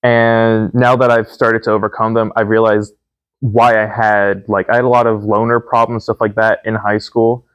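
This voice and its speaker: A young man in his twenties with a fairly low voice, talking candidly and thoughtfully. He pauses often with ums as he works through his thoughts. The recording is dry and close, with no room sound. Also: flat delivery, fairly bright tone, clear, resonant tone, no echo. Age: 20s. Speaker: podcast guest, son. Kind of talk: casual conversation.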